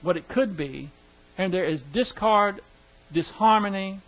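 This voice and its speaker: A man with a notably high voice delivers a sermon-style teaching, driving home points with rhetorical questions and slipping into quoted dialogue. The recording is dull and lo-fi. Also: unhurried. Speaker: preacher teaching a class.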